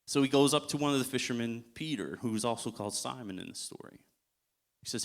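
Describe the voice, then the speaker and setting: A male guest preacher tells the story in a relaxed, conversational way and chuckles often as he goes. His voice sits at an everyday middle pitch, recorded in a church. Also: fast talker. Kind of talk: sermon.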